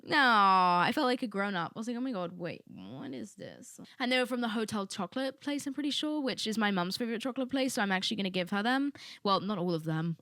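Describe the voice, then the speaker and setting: A woman's voice: mid-range voice, fast talker, few pauses, a bit bright, no room sound, clean studio sound. A young woman hosting a casual solo podcast, rambling candidly with lots of "like" asides. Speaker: podcast host.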